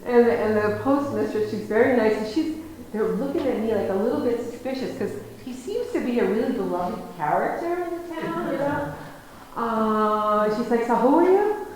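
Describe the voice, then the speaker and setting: An American woman lecturer tells her story in a rambling, self-interrupting way, often restarting mid-sentence. Her voice sits fairly high, and a strong echo fills the hall, with faint noise underneath. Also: normal speed, a little mellow. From United States. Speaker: guest lecturer.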